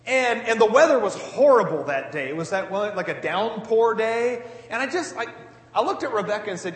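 Man, high voice, lively and earnest conversational preacher, booming echoey hall. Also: normal speed. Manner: earnest, animated, many casual asides. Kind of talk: conversational sermon. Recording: echoey hall with long reverb.

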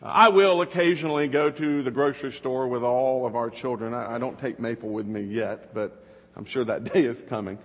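A man's voice: medium pitch, moderate pace, big-room sound. A man in his thirties preaching a conversational sermon, telling family stories and asking rhetorical questions. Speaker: pastor.

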